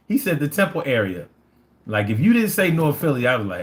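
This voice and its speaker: A man's voice: mid-range voice, moderate pace. A man in his fifties with a Philadelphia accent, hosting a casual livestream, reading chat and telling stories in profane, slangy talk. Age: 50s. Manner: animated, profane, slangy storytelling.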